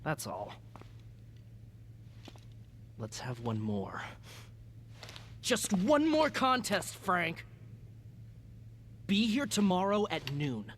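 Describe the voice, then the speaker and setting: A man's voice: sits high, sing-song, extremely slow, long pauses, a little hiss or hum, heavily acted. An actor playing a smug male photographer who mocks his rival in a video game cutscene. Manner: smug, mocking.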